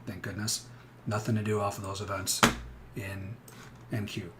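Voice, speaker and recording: A man's voice: on the low side, little pitch movement, normal speed, very noisy. A middle-aged man hosting a live trading stream, talking bluntly and energetically with frequent restarts.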